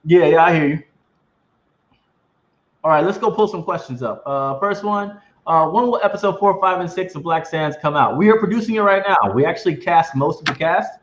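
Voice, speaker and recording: A man hosting a casual video-call interview, outspoken and animated, laughing often. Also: on the high side, normal speed, reverberant, highs cut off, a little hiss or hum. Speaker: interview host, comic company head.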